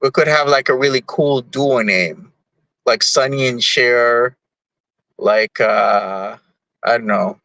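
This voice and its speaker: Young man, from jamaica, livestream host, rambling easygoing chat, unhurried pace, dry close sound. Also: medium pitch, creaky, pushed and bright, dry recording, low-quality recording. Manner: rambling, easygoing, many fillers. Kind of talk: casual chat, reading chat messages.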